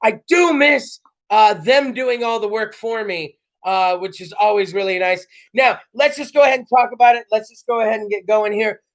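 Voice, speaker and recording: A man hosting his casual comedy chat show from home, loud and joking. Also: high-pitched. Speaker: podcast host. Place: home studio.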